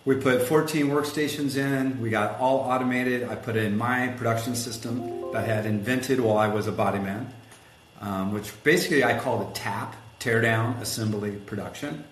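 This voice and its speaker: A man telling a story in a casual interview, animated and acting out quotes, rough around the edges. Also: medium pitch, normal speed, faint music behind. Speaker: guest, collision shop executive. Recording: echoey room with faint background noise.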